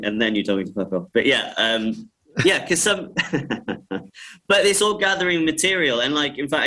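A man's voice: on the low side, fairly bright tone, poor audio. A man, a film director chatting in an interview, laughing often and restarting his sentences. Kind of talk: casual interview talk.

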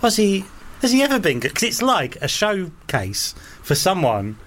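Easygoing co-host. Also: male voice, high-pitched, huge pitch swings, moderate pace, fairly bright tone. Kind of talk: casual chat.

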